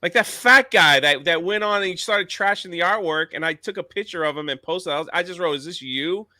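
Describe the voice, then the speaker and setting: A man co-hosting a casual livestream chat, talking in an animated, indignant way about his own project. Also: a little high, a little fast, no room sound. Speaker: podcast co-host.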